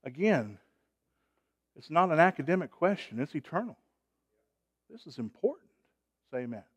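A man preaching a sermon, emphatic, with call-and-response and loud rising peaks. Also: fairly high pitch, sing-song, moderate pace, husky.

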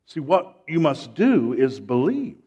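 A male preacher delivering a sermon at an unhurried, deliberate pace, his voice sitting a little high for a man. He drives points home through repetition and calls for amens, dropping to a hush and then climbing to ringing emphasis. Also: very animated, slightly rough. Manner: emphatic preaching, swells from hushed to loud; repeats phrases, calls for amen.

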